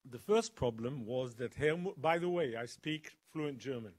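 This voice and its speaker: A man giving a lively storytelling talk as a guest speaker at a college, building suspense with dramatic pauses. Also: medium pitch. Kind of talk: animated storytelling lecture. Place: college event.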